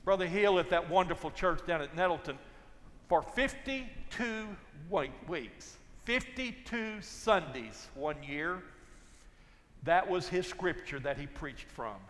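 A man's voice: sits high, lively intonation, takes it slowly. Older man preaching in a hall. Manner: wide swings from loud to hushed, folksy storytelling. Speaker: pastor. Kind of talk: sermon.

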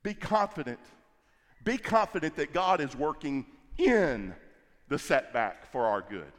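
A man's voice: fairly high pitch, very animated. A middle-aged male pastor preaching a sermon, emphatic and repetitive, stretching key words for stress. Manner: emphatic, repeats phrases, drawn-out stresses. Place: large church hall. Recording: long hall reverb.

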